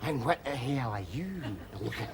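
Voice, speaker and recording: A man's voice: mid-range voice, moderate pace, lightly acted. A man playing a ranting Scottish drunk. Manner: ranting, combative, theatrical. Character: rowdy loudmouthed Glaswegian drunk man, middle-aged. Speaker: sitcom character. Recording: TV sitcom audio with crowd and noise.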